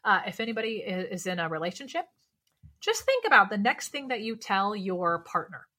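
A woman speaking coach, a podcast guest, talking in a lively, casual way and firing off rhetorical questions. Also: mid-range voice, fairly quick.

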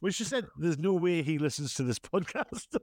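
A man's voice: a little high, big pitch swings, moderate pace, a little mellow, no room sound, studio quality. A man co-hosting a podcast in casual chat, with mock-grand, theatrical scene-setting. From North East England. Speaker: podcast co-host.

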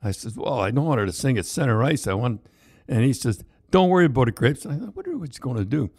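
An older man telling rambling, animated anecdotes in casual chat, with many restarts and laughs. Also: mid-range voice, fast, husky, no echo, studio quality. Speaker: storyteller co-host.

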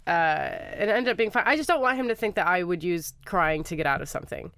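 A woman's voice: on the low side, expressive, fast, fairly bright tone, no echo. A woman co-hosting a podcast in casual chat, laughing often, with a dry, teasing humor. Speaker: podcast co-host.

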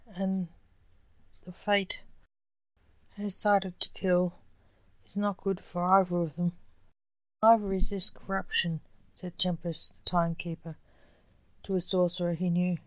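A woman narrating a scripted fantasy story for a podcast in a calm, even reading. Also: on the low side, no echo.

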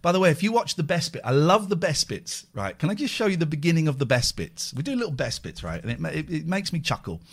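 A man hosting a casual podcast, animated and prone to repeating himself with stammering restarts. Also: a little high, fast talker, few pauses. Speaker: podcast host. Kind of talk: casual chat.

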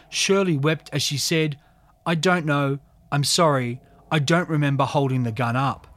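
A man narrates a courtroom true crime story in a measured, subdued manner, quoting the witnesses' testimony as he goes. His voice sits a touch high for a man and sounds close and dry, with no room around it. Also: dry recording.

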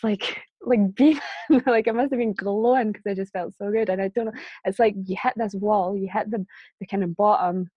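A woman's voice: medium pitch, no room sound, lo-fi sound. A woman telling a personal story as a guest in a casual conversation, chatty and laughing often. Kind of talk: casual chat.

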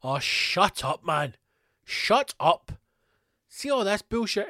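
स्कॉटिश लहजे वाला एक आदमी, जो अपने पॉडकास्ट पर गाली-गलौज के साथ ज़ोर से और मज़ाक उड़ाते हुए भड़ास निकालता है।. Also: male voice, high voice, very animated, measured pace, no echo, clean studio sound. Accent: Scottish. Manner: sweary, loud and mocking, reads news aloud. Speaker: podcast host. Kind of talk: ranting solo podcast.

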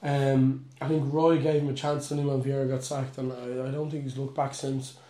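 A man's voice: mid-range voice, level tone, normal speed, dark tone. A man co-hosting a football podcast, teasing his partner and laughing through casual banter. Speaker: podcast co-host. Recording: roomy echo, faint music.

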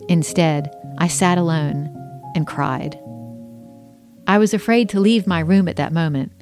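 A woman's voice: lowish voice, moderate pace, darkish tone, faint music behind. A woman reading her own memoir aloud, telling her story in an earnest, emotional first-person way.

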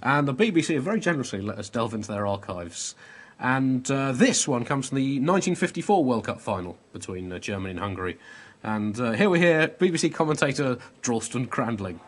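A man's voice: medium pitch, very animated, fairly quick. A man hosting a comedy podcast, introducing bits in a dry, mock-formal way. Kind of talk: scripted comic links.

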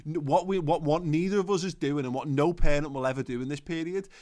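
A man's voice: a little high, fast, darkish tone. A man in his thirties co-hosting a casual chat show, rambling and swearing, often restarting his sentences. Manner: rambling, sweary, self-interrupting. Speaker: podcast co-host.

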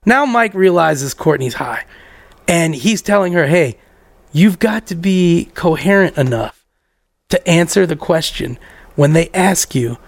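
A young man telling a story in casual podcast chat, animated and profane, laughing through it. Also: fairly high pitch, unhurried, creaky, dry recording.

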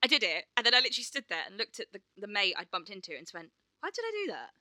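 Bright-voiced woman telling animated stories. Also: medium pitch, very fast, no echo, clean studio sound. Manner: swearing, animated storytelling with acted quotes. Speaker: podcast co-host and performer. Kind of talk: casual chat.

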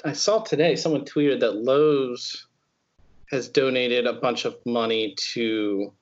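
A man's voice: medium pitch, takes it slowly. A man hosting a podcast, talking in a loose, joking way with casual swearing. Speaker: podcast host. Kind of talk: casual chat. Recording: dull lo-fi sound.

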